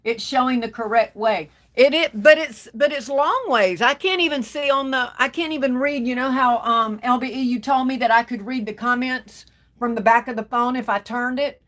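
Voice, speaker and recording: Woman, livestream host, fairly high voice, easygoing chat full of endearments. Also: normal speed. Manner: warm Southern endearments, calls viewers baby and darling. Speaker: livestream host greeting viewers. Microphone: phone.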